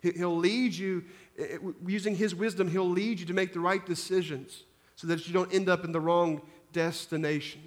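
High-voiced male preacher in a reverberant hall. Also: steady tone, moderate pace. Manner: preaching with frequent restarts and repetitions. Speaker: pastor. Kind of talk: sermon.

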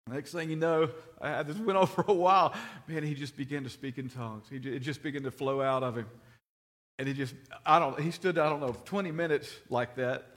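A man's voice: fairly high pitch, steady tone, a little fast, fairly bright tone. A middle-aged man preaching a sermon, telling stories earnestly and often repeating his words.

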